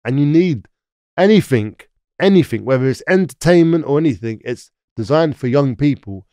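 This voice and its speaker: Brief: London-accented man, mid-pitch, dry close sound, loose rambling storyteller. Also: expressive, normal speed, dark tone, dry recording. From London, England. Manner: rambling, frequent "like" and "yeah?" tag questions. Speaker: podcast guest. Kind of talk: casual storytelling interview.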